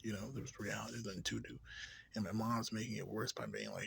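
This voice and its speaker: A man's voice: lowish voice, little pitch movement, fast, vocal fry, a bit bright, a little hiss or hum. A man vlogging an unscripted rant, rambling with heavy swearing and many fillers, sometimes dropping to a tired near-whisper. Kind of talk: unscripted venting monologue.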